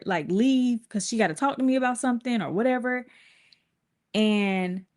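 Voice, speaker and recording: A woman in her thirties telling a personal story to her viewers in casual, colloquial talk, with her pitch jumping up when she acts out quotes. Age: 30s. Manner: lively, colloquial, swings into high acted voices for quotes.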